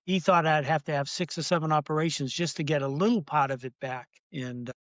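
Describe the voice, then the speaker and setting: A man's voice: fairly high pitch, brisk, fairly bright tone, no echo. An older man telling his story as an interview guest, earnest and heated, rambling with restarts, on a dull lo-fi recording. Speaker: guest, navy veteran. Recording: dull lo-fi sound.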